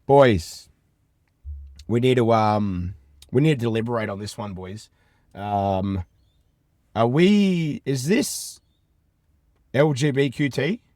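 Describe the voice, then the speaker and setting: A man's voice: mid-range voice, expressive, slow, long pauses, darkish tone, no echo, clean studio sound. A man with an Australian accent hosting a podcast from inside a van, brash and crude, talking casual banter and constantly calling his listeners boys. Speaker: podcast host.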